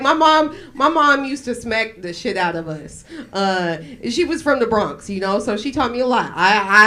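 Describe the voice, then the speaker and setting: A brash woman in her forties working a small cafe crowd with a stand-up set. She keeps it profane and loose, turns deadpan on grim punchlines, and her voice sits a little high for a woman. It sounds like a handheld mic on a small stage. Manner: brash, profane, deadpan about dark topics. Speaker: stand-up comedian.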